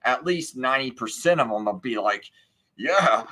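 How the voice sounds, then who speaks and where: A man's voice: mid-range voice, animated, a little fast, fairly bright tone. A man hosting a live stream, ranting in a casual, sarcastic and scornful way, often slipping into mocking impressions of other people. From United States. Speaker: livestream host.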